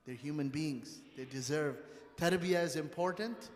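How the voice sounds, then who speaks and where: A man's voice: fairly high pitch, measured pace. A middle-aged man giving a Friday talk at a mosque, telling family stories and acting out the voices of father and son. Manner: animated storytelling, acts out family dialogue. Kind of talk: sermon with personal stories. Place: mosque prayer hall. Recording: echoey hall livestream.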